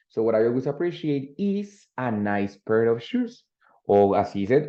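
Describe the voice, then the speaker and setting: Man teaching English. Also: mid-range voice. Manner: explains with many tag questions and fillers. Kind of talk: online English class explanation. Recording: dull lo-fi audio.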